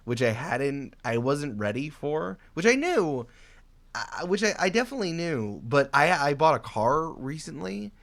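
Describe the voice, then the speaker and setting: Animated man telling stories on a podcast. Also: mid-range voice. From New York State. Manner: animated storyteller, voice jumps up for quoted outbursts. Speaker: guest. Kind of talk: casual podcast chat.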